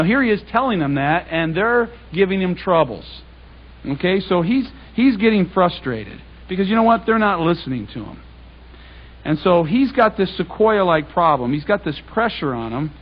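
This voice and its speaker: A man giving a public Bible talk, reading scripture and then paraphrasing it in lively everyday speech. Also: high voice, breathy edge, highs cut off. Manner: conversational, animated, reads scripture aloud and paraphrases it in casual speech. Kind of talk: sermon. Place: congregation hall.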